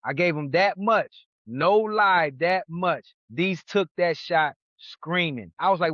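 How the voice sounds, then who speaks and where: A man from New York hosting a podcast, telling stories in a casual, animated way and acting out what other people said. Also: a little high, unhurried, no echo. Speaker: podcast host. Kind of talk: casual storytelling chat. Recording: dull lo-fi sound.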